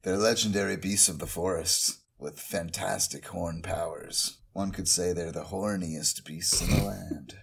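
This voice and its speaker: Husky man cracking deadpan quips. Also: sits low, a little slow, hardly any pauses. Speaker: comedy game player. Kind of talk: casual improv banter.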